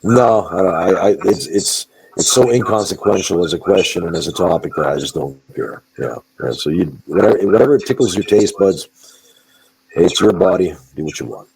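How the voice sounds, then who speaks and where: A man with a very low voice full of gravelly fry tells stories bluntly and emphatically, swearing freely. He speaks as a guest in a wrestling interview and often restarts his sentences. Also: expressive, normal speed, a little mellow, dry recording, poor audio. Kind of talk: candid interview storytelling.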